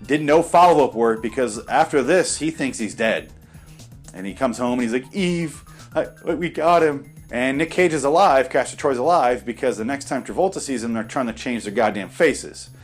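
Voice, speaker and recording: A man's voice: mid-range voice, a little fast, husky, faint music behind. A man giving casual, profane and sarcastic commentary on a movie while watching it.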